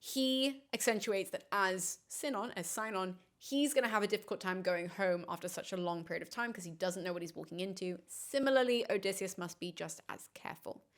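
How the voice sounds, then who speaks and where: A young adult woman, a classicist host, giving an enthusiastic film analysis with quick asides and acted-out lines. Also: mid-range voice. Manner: animated, quick asides, acts out characters' lines.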